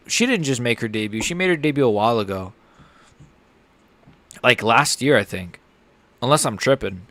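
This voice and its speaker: A man streaming a live fight reaction, excitable and joking, often blurting out swear words. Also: mid-range voice, dry recording.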